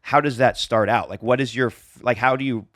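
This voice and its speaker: A man's voice: medium pitch, fairly even intonation, fairly quick, a bit bright, no room sound, clean studio sound. A man hosting a podcast, asking his guest loose, conversational questions. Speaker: podcast host. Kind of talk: casual interview questions.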